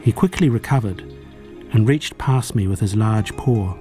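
A man narrating a novel as an audiobook reader, in a measured, even storytelling manner. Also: lowish voice, breathy edge, soft background music. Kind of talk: audiobook reading.

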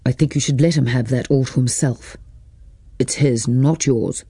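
A man reading an audiobook, voicing a jealous, angry husband who talks slowly and cuttingly. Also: mid-range voice, mellow, husky, no echo. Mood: tense, pleading. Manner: slow, deliberate and cutting.

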